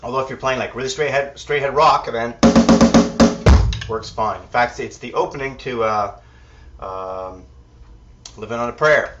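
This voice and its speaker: A man teaching a drum lesson in a relaxed way, counting beats aloud and thinking out loud as he goes. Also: mid-range voice, unhurried, pauses often. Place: drum kit room. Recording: distant mic, dull sound, loud drums. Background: drums and music.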